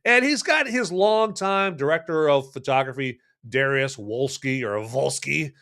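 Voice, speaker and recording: A man's voice: medium pitch, animated, measured pace, creaky. A man hosting a casual live-streamed movie review podcast, speaking playfully and straight to his viewers with many fillers and restarts. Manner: lots of fillers and restarts, swings between loud and hushed.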